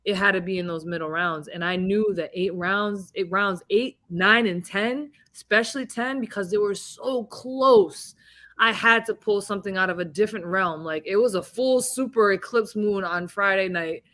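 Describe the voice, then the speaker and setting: A woman in her thirties, a boxing champion being interviewed, telling animated stories with laughs and swearing. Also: medium pitch, normal speed. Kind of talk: casual interview chat.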